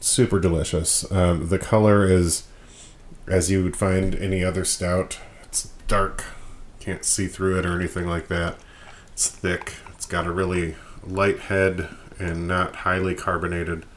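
A man's voice: deep voice, little pitch movement, unhurried, a little hiss or hum. A man from Michigan hosting a podcast in a casual, rambling way, self-deprecating and full of fillers. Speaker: podcast host.

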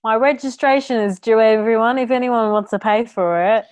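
A woman's voice: on the high side, brisk, a little mellow, slight background noise. A young woman co-hosting a podcast, joking wryly and laughing easily. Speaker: podcast co-host. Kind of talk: casual chat.

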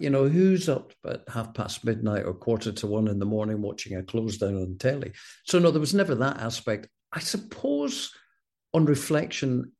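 A middle-aged Scottish man, a former broadcast announcer, telling stories with wry self-deprecating humour in a relaxed interview. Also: medium pitch. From Scotland. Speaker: former television continuity announcer, guest.

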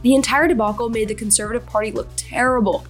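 A woman's voice: fairly high pitch, steady tone, fast talker, music in the background. Breezy woman news correspondent. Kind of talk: scripted explainer narration.

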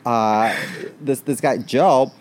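A man's voice: mid-range voice, slow, a little mellow. A gay man co-hosting a casual podcast, telling stories bluntly with plenty of ums and likes. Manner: blunt, storytelling, lots of fillers. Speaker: podcast co-host. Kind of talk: casual chat.

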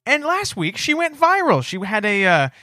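A man's voice: high-pitched, wildly swooping pitch, normal speed, pushed and bright, no echo, clean studio sound. A man co-hosting a comedy podcast, playful and chatty, fond of silly character bits. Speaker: podcast co-host. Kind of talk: casual comedy podcast chat.

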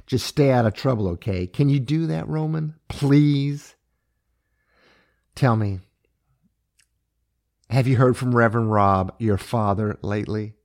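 A man's voice: mid-range voice, measured pace, vocal fry, pauses often, a little mellow. A man voicing a distraught middle-aged mother who scolds and pleads with her son. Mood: weary, pleading. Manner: pleading, exasperated.

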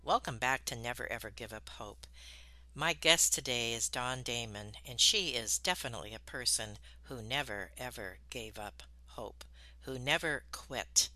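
A man hosting a podcast interview, opening with a brisk welcome and introducing his guest. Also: medium pitch, sharp tone, dry recording. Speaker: podcast host.

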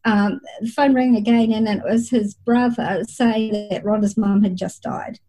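A woman's voice: mid-range voice, steady tone, unhurried, mellow, low-quality recording. A middle-aged woman working as a psychic medium, telling her experiences at length in a reflective interview. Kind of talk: conversational interview storytelling.

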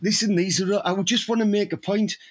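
A man's voice: high-pitched, steady tone, brisk. A man, rambling and laughing through crude comic banter as a podcast co-host.

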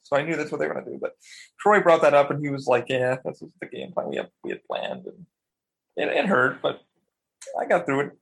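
Gravelly-voiced man, casual gaming chat. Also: medium pitch, fast talker, low-quality recording. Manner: animated, swears a lot, acts out quotes. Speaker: podcast co-host. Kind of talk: casual chat about video games.

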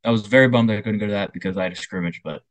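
This casual podcast co-host, a young adult man, talks very fast in a fairly low voice, acting out others' voices as he animatedly tells stories. No echo is present.

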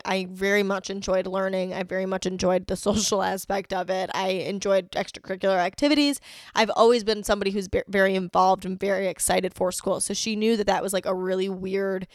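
A woman hosting a podcast, telling personal stories in a frank, profane way, moving from quiet reflection to heated outbursts. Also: mid-range voice, smooth, dry recording, clean studio sound. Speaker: podcast host. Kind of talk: candid personal storytelling.

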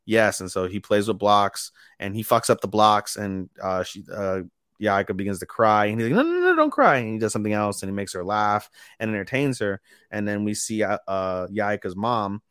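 Male podcast co-host, low voice, dry close sound, casual animated recap. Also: normal speed, smooth, dry recording. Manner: animated retelling, acting out character lines. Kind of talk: casual anime podcast chat.

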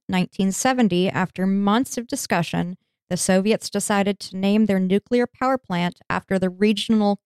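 A woman hosting a podcast, narrating history in a casual, chatty way with joking asides. Her voice is smooth and clear, and the recording is dry and close. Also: medium pitch, a little mellow, no room sound. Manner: laughs easily, jokey asides. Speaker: podcast host.

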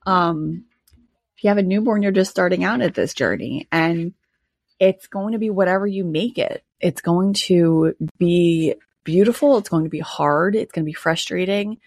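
A woman hosts her own podcast in a relaxed solo monologue, candid and chatty, laughing often between thoughts. Her voice sits low with a gravelly, husky edge. The recording is dry, with no room sound. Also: moderate pace, no echo. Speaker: podcast host.

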